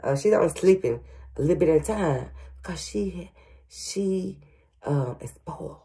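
A woman's voice: fairly low pitch, lively intonation, normal speed, warm tone. A grandmother working as a psychic medium, giving a casual reading to viewers with frequent stutters, fillers and "y'all". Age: older.

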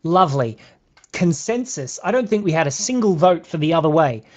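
A man's voice: a little high, big pitch swings, a little fast. Chatty British man teaching beadwork live. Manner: chatty, counts beads aloud, talks to viewers. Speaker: beading tutorial host. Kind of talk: live craft tutorial, casual chat. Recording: slightly dull lo-fi sound.

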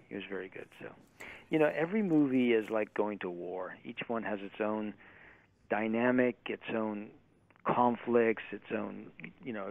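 Gravelly-voiced man on a phone line. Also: on the low side. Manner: chatty storyteller who mimics people he quotes. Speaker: film director guest. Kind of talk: casual interview chat.

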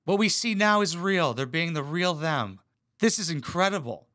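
A man delivers mocking, profane reaction commentary with a bright, sharp-edged tone. His pitch swings widely as he roasts what he watches. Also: expressive, moderate pace. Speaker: reaction video host. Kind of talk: mocking commentary over clips.

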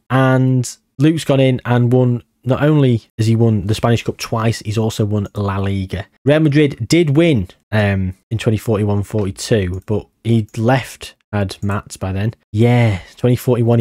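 A young man giving casual, excitable commentary on a football management game, swinging from musing to amazed outbursts. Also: mid-range voice, no echo, clean studio sound. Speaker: gaming YouTuber.

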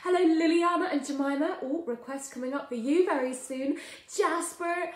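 A woman's voice: high voice, normal speed. Cheery woman leading a kids' music class. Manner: cheery, sings and chants rhymes for little ones. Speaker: children's music class leader. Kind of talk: singing children's music class. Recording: echoey room with guitar.

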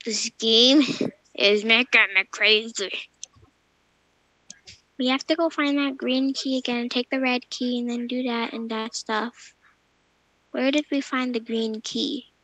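A woman with a high, bright voice chatting through a game session. She gets excitable and squeals easily, though her talk stays unhurried. The recording is dry and close. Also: no echo. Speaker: gamer. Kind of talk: casual gameplay chat.

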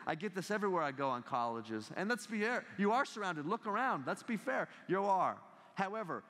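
American guy giving a campus talk, kinda high voice, lots of questions to the crowd, long echo from a big hall. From United States. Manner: animated storyteller, asks the audience questions. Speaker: guest speaker, ethics professor. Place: large lecture hall with live audience. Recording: long reverb of a large hall.

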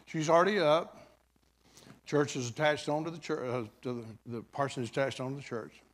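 A man's voice: fairly high pitch, fairly quick. An older man preaching a revival sermon, telling a folksy story in a conversational way with dramatic bursts.

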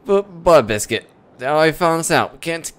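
A man voicing a young male tree-creature lover who talks softly with pet names. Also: a little high, lively intonation, a little fast, lightly acted. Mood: tender. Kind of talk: reading game dialogue in character.

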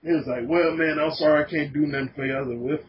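A man's voice: on the high side, very fast. A man telling profane stories in a casual podcast chat. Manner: animated, laughing, profane storytelling. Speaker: podcast guest. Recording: dull lo-fi podcast audio with faint noise.

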